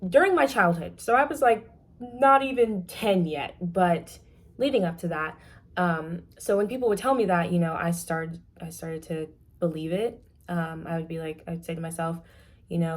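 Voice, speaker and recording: A young woman giving a casual, candid class presentation, talking frankly with many fillers and often trailing off softly. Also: lowish voice, moderate pace. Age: young adult. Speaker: student presenter.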